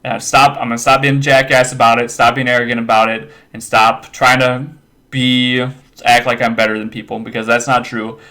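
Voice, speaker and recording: A man's voice: medium pitch, flat delivery, fairly quick, bright, forceful tone. A man talking into his webcam in a rambling, profane monologue, giving himself and his viewers an emphatic pep talk and repeating himself often. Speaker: webcam video maker.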